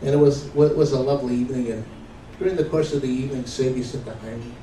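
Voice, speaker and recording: A man's voice: medium pitch, steady tone, quick pace, mellow. A man doing standup comedy, telling jokes in a chatty, old-school storytelling way. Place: performance night venue. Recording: roomy, distant mic, noisy.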